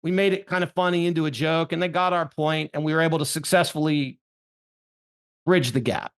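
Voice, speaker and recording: A man with a fairly high voice hosts an interview. He tells stories from his own experience and builds long, winding questions. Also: fairly even intonation, brisk, clean tone. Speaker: interview host. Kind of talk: conversational interview.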